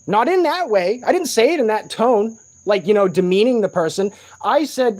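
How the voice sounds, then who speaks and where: A man's voice: high voice, animated, normal speed, hardly any pauses, a little mellow. A sleep-deprived man in an agitated, profane rant, speaking in a room of a shared home late at night. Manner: agitated, profane, repetitive ranting.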